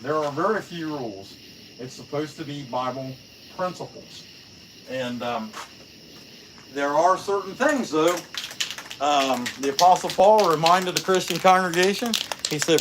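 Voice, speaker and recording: A man's voice: on the high side, a little slow, pauses often, background noise. A man chatting casually while hosting a carving livestream, rambling and joking with plenty of fillers. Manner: rambling, joking, many fillers, lively storytelling. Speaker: chainsaw carver and livestream host.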